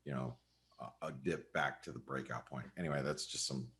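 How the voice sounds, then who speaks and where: A man's voice: a bass voice, fairly quick, fairly bright tone. A man giving casual live market commentary on a webinar, rambling with lots of fillers and repeated words, heard over a video call. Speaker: market analyst on a trading webinar.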